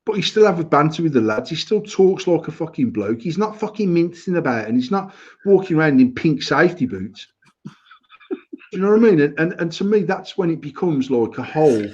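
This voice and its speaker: Blunt, sweary British man, husky voice. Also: a little high, big pitch swings, fairly quick, a little mellow, dull audio. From United Kingdom. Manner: blunt, opinionated, sweary, with many restarts. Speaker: podcast co-host. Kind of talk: casual banter podcast.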